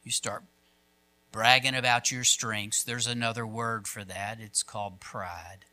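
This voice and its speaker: A man's voice: on the low side, fairly even intonation, unhurried, pushed and bright. A man preaching to his church, reading scripture aloud and speaking directly to the congregation. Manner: reads scripture aloud with rising intensity. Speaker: pastor.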